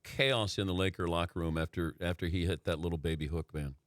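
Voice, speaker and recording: Relaxed man hosting a radio show. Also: sits low, fairly quick, dry recording, studio quality. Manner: relaxed, prompting with questions, reads sponsor copy. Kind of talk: interview and show host talk. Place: radio studio. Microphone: studio mic.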